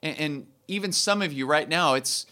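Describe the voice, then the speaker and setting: A man's voice: on the high side, normal speed, pushed and bright. A man preaching a sermon to his church in a conversational way, often restarting phrases and building to emphatic peaks. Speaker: pastor.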